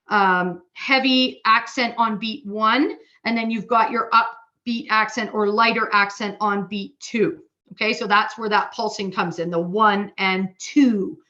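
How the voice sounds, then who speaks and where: Woman, drum instructor, bright tone, patient explaining, counting beats aloud, muffled lo-fi recording. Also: fairly high pitch. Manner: patient, explanatory, checks in with "okay?".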